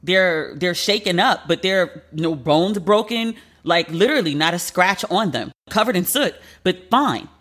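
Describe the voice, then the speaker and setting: A woman's voice: fairly low pitch, animated, measured pace, hardly any pauses, a bit bright, slightly rough. A woman hosting a podcast, retelling a story in a chatty, emotional way with lots of fillers. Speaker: podcast host. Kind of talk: casual solo podcast storytelling.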